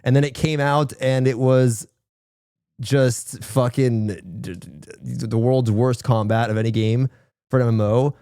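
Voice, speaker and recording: A man's voice: mid-range voice, steady tone, measured pace, dark tone, clear, resonant tone, no room sound. Profane ranting streamer man, dry sound. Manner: profane, rambling, exasperated ranting with slang. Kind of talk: casual livestream chat.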